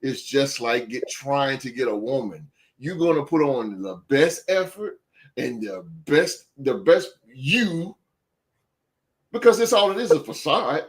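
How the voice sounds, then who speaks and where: A man's voice: mid-range voice, animated, measured pace. A man in casual banter, slangy and stammering as he talks. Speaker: podcast co-host.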